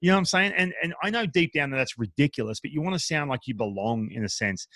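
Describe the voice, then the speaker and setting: A man with an Australian accent hosting a casual interview, asking energetic, rambling questions full of restarts. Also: a little high, fast talker, no echo. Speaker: podcast host.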